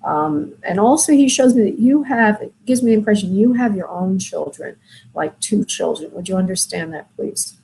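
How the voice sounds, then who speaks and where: A woman hosting a call-in show as a spirit medium, talking gently and soothingly to callers, with many fillers. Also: mid-range voice, animated, normal speed, gravelly, slight background noise, rough recording. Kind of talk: call-in reading, soft and consoling.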